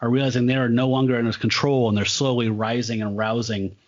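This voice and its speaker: A man's voice: mid-range voice, flat delivery, fast talker, dull audio. A man co-hosting a comic book podcast, recapping panels with rambling enthusiasm. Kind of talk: casual chat.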